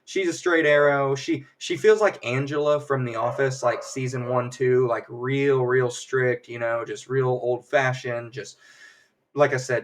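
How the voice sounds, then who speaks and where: A man's voice: mid-range voice, a little slow, recorded from a distance. A man casually recapping a show on a livestream, rambling with lots of fillers and acted quotes. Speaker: livestream host. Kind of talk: casual episode recap chat. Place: home livestream setup.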